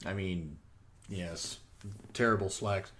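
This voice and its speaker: A man's voice: sits low, slow, a bit bright. A man hosting a casual wrestling review podcast, rambling and joking with plenty of ums. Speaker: podcast host.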